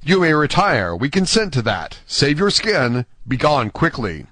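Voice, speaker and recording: An impatient guard captain, as a male narrator puts him on barks orders, his voice raised a little higher than the reading around it. The audiobook recording is dry and close. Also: sing-song, unhurried, fairly bright tone, no echo, heavily acted. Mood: commanding. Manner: commanding, impatient.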